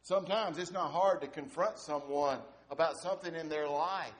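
A male pastor preaching in a conversational way, asking rhetorical questions and trailing off softly at the ends of phrases. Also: a little high, normal speed, slight background noise. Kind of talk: sermon.

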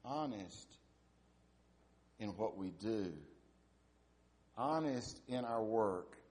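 Pastor guy giving a sermon, chatty, asks the crowd questions, voice drops soft at the end of lines. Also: on the low side, expressive, drawn-out words. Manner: conversational, asks rhetorical questions, trails off softly at phrase ends.

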